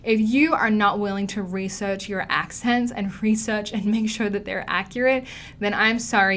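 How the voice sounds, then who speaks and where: A woman's voice: mid-range voice, a bit bright. Emphatic Australian woman teaching acting. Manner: emphatic, repeats key words for stress. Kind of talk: online acting lesson.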